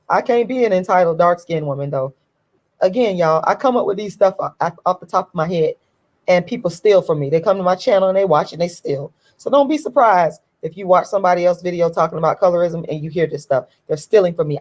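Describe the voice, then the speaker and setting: A woman hosting her own channel, speaking, repeating herself insistently. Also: lowish voice. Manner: repetitive, insistent, emphatic. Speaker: channel host. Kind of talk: unscripted vlog rant.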